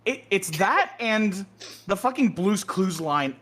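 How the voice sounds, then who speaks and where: A man's voice: high voice, expressive, slow pace, background noise. A young man chatting on a livestream with fellow voice actors. He is wry and self-deprecating, and often trips over his words and starts again. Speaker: voice actor, stream guest. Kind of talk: casual chat on a livestream.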